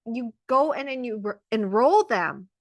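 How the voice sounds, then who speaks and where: A woman hosting and teaching an online birth class in a casual, animated way, acting out dialogues as she explains. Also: a little high, a little slow, dry recording. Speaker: birth educator and host.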